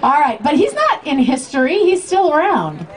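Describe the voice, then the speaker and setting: A woman's voice: high voice, wildly swooping pitch, normal speed. An American woman on stage with a microphone, playfully leading a crowd through a call-and-response song at a live concert. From United States. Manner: playful and teasing, coaxing the crowd. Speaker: children's singer performing live. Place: outdoor Christmas lights event, crowd. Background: backing music and crowd.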